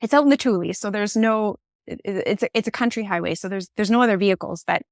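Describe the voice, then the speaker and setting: Expressive middle-aged woman, dry close sound. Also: mid-range voice, quick pace, no echo. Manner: animated, expressive, candid. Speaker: podcast guest. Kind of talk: conversational storytelling. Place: podcast conversation.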